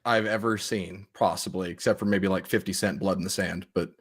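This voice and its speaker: A man's voice: low voice, steady tone, brisk, slightly rough. A man co-hosting a podcast in casual chat, rambling through stories and laughing mid-sentence. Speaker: podcast co-host.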